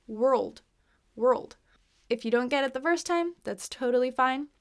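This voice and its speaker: An American woman teaching English pronunciation, repeating words slowly and carefully, with playful, chatty asides. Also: high-pitched. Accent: General American. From United States. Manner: repeats words slowly, exaggerating mouth positions. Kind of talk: slow, deliberate pronunciation lesson.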